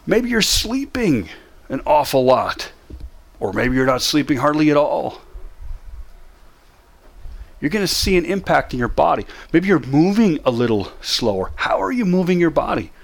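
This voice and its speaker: A man's voice: on the high side, big pitch swings, normal speed, pauses often. A man teaching how to manage depression, talking straight to the listener with emphatic, repeated short commands. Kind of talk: motivational teaching talk.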